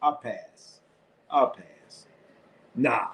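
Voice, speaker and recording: A man's voice: mid-range voice, very slow, creaky, fairly bright tone. A man hosting a live sports stream, talking loosely in casual chat, blunt and profane, laughing often. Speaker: sports show host.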